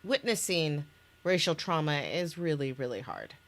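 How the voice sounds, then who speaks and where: Lively low-voiced woman reading a game. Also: normal speed. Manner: reads scenes aloud with restarts and laughs. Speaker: game maker presenting her game. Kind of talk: casual chat, reading game text aloud.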